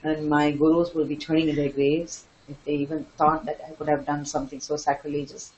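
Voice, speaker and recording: An older woman, a dance teacher and guest, telling lively stories and acting out the voices of others. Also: low voice, brisk, dull audio. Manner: animated, laughing, acts out quoted voices. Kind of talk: storytelling interview answers.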